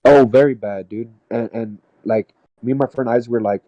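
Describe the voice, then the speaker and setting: A man telling a personal story in casual podcast talk, halting and rambling with lots of "dude" and "man". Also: medium pitch, dark tone, dry recording, muffled recording. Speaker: podcast panelist. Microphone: podcast mic.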